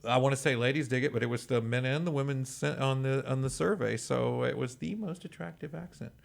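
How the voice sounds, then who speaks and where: A man's voice: mid-range voice, fairly quick, vocal fry. A man with a Texan accent hosting a local radio talk show, chatting in a rambling way and laughing often. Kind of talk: casual chat.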